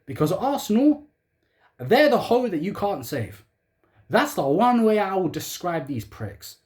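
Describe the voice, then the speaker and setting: A man's voice: sits high, very animated, unhurried, a little mellow. A young man ranting sarcastically as a football fan channel host, firing rhetorical questions in heavy slang.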